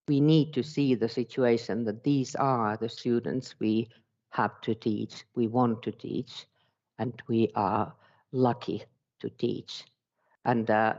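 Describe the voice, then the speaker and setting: Finnish-accented male presenter, hesitant non-native English, warm low tone, dull recording. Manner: halting, searching for words in a second language. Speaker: education speaker. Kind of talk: conference presentation.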